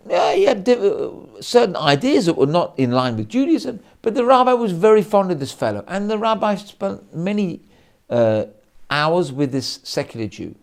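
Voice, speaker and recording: A man, a rabbi, giving an animated sermon full of stories, acting out quotes with frequent restarts. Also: high voice. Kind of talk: sermon storytelling.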